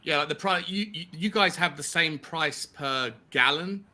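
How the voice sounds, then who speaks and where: Man from the UK, very bright sharp voice, chatty explaining tone. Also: fairly high pitch. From United Kingdom. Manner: quick, chatty, explains with likes and rights. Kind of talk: casual chat.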